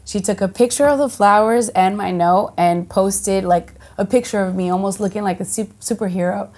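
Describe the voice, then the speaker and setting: An actress from the United States of Dominican heritage, chatting casually in an interview, full of fillers and restarts and lively quoted voices. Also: female voice, mid-range voice, normal speed. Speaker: actress and singer, guest.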